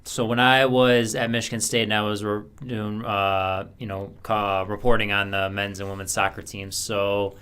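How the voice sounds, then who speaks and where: Bright, clear-voiced male co-host. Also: on the low side, flat delivery, normal speed, hardly any pauses. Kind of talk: casual sports chat.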